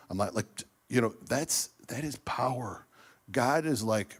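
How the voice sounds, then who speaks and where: Casual, animated man preaching. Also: mid-range voice, moderate pace, husky. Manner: casual, animated, acts out voices in quotes, many fillers and restarts. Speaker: speaker at a church business ministry meeting. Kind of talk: energetic preaching talk.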